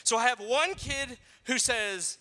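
A pastor in his thirties preaches conversationally, telling stories with lively acted-out voices. His voice is unusually high and very bright. It rings with the long reverb of a large hall. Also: takes it slowly. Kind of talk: sermon.

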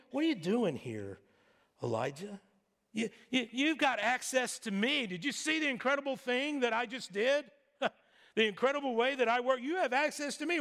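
A man preaching, voicing God with low, probing questions. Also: creaky, exaggerated voice. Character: God, calm and probing, as imagined. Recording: long hall reverb.

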